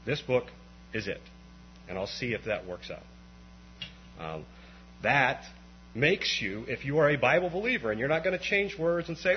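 A man preaching a conversational sermon at an evening church meeting, swinging from quiet explanation to impassioned, rising outbursts. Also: medium pitch, expressive, moderate pace, long pauses. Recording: dull lo-fi recording with faint mains hum.

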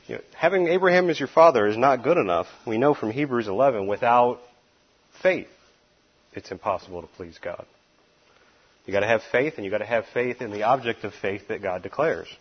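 A man's voice: fairly low pitch, lively intonation, moderate pace, breathy edge, dull audio. A man preaching through a Bible passage in an emphatic, folksy way, with wry asides. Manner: emphatic, folksy, sometimes laughs at his own asides. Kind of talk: expository Bible teaching.

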